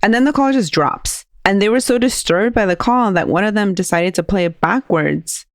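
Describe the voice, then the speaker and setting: A woman's voice: medium pitch, moderate pace, no room sound, clean studio sound. A woman podcast host retelling a spooky story in casual chat, full of "like" fillers and frequent laughs. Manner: chatty, laughs often, many "like" fillers.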